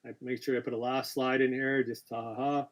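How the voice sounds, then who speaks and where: With a flat, average-pitched delivery, a quiz host reads questions during a casual live stream. He fills the gaps with chatty asides, brief apologies and repeated self-corrections.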